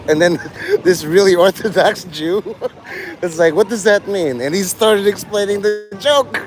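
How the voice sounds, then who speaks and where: A man's voice: high-pitched, sing-song, unhurried, music in the background. A man streaming live, rambling through jokes and stories, laughing often and swearing freely.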